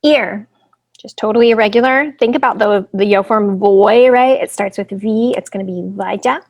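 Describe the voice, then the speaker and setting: A woman teaching a recorded classroom lesson, with a voice of mid pitch and plenty of vocal fry. She explains one step at a time and keeps checking in with her students. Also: normal speed, a little mellow. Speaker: Spanish teacher.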